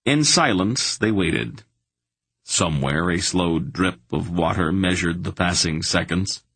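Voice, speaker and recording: Low husky guy reading an audiobook, measured, dry close sound. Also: animated, a bit bright, no room sound. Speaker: audiobook narrator. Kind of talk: audiobook narration.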